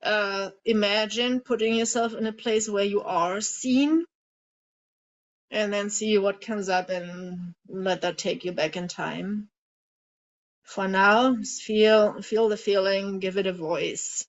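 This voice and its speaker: A woman with a medium-pitched, steady voice leads a group through emotional tapping, guiding them gently and speaking sample feelings out loud. Her guidance is slow and soothing, mixed with emotive example lines. It's a guided group coaching session captured on slightly dull, lo-fi call audio.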